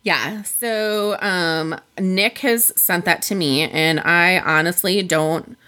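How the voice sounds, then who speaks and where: Casual podcast chat, woman with a bright punchy voice, swears a lot, just telling a story. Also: fairly low pitch, slow. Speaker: podcast co-host.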